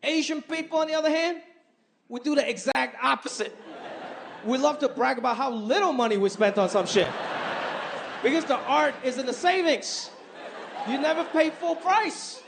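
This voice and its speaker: A man performing an animated stand-up set, switching in and out of impressions of the people in his stories. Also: very high voice, moderate pace, gravelly, long pauses. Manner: animated, shifts between impressions. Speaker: stand-up comedian. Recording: live club set with crowd laughter and noise.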